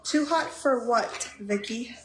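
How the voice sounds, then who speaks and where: A woman's voice: a little high, slow. A woman hosting a casual livestream from her home kitchen, chatting as she cooks and greeting viewers by name. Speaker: livestream host. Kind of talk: casual chat while cooking live. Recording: echoey room with clear background noise.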